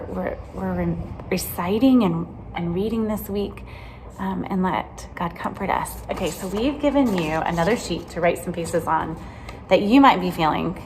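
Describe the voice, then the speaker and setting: Gentle low-voiced woman teaching kids. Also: a little hiss or hum. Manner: gentle, chatty, asks questions with many "right?"s. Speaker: children's Bible lesson teacher. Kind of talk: casual teaching to children.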